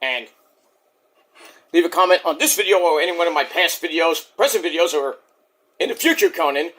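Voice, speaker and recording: A man's voice: a little high, lively intonation, brisk, fairly bright tone. A man giving a brash, boastful, rambling spiel to open his own channel's video. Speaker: YouTuber.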